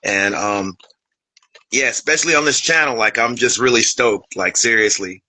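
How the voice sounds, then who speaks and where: A man hosting an interview, excited and laughing, stumbling over his words as he introduces his guest. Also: medium pitch, moderate pace, slight background noise, rough recording. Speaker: host.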